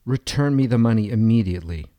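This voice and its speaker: A man's voice: fairly low pitch, animated, fast talker, warm tone, no room sound, studio quality, close to an everyday voice. A man doing a pleading old widow.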